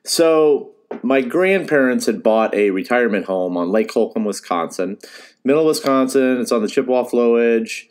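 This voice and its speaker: A man's voice: medium pitch, animated, normal speed, a little mellow. A middle-aged man, a fishing guide, telling a personal story in a casual, rambling way, with restarts and laughs. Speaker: fishing guide and podcast host.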